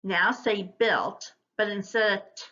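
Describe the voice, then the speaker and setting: A woman teacher giving a recorded phonics lesson, modeling words and sounds slowly and deliberately for her students. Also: mid-range voice, pushed and bright, lo-fi sound.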